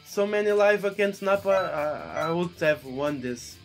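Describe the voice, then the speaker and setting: A man doing let's play commentary, frustrated and swearing often, with loud outbursts. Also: high-pitched, a little slow. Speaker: gaming video creator. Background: game music.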